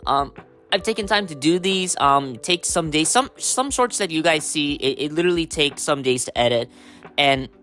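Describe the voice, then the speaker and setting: A man hosting a casual solo podcast, hoarse from a cold, rambling with lots of fillers and throat-clearing. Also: fairly high pitch, animated, normal speed, bright, forceful tone. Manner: rambling, full of "you know" and "um", throat-clearing. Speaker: podcast host.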